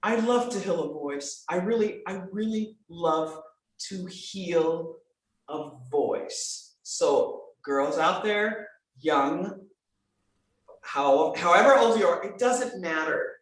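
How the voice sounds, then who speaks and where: Animated woman voice coach, very echoey. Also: lowish voice, takes it slowly. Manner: animated, emphatic, swings between bright exclamations and soft earnest asides. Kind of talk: enthusiastic conversational podcast talk. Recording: very echoey room.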